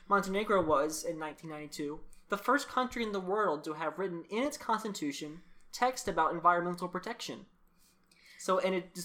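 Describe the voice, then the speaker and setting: A man's voice: high voice, sharp tone. A young man with a Southern US accent hosting a podcast in casual chat, laid-back with dry wisecracks. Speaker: podcast host.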